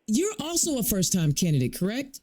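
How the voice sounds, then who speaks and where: A woman's voice: mid-range voice, big pitch swings, brisk, warm tone. A woman hosting a political talk show, chatty and affirming, often restarting her sentences. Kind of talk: casual interview chat.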